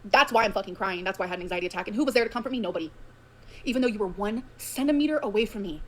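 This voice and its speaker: A woman's voice: medium pitch, animated, racing, slight background noise. A woman ranting to her viewers, profane and emotional, swinging between grievance and sarcasm. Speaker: streamer ranting on her own stream. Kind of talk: rapid unfiltered rant.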